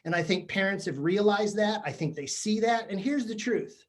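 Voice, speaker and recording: Male keynote speaker, comedic and animated, playful questions to the crowd, lively pitch. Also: normal speed. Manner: animated, jokey, asks the audience questions. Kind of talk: comedic motivational talk. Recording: virtual session.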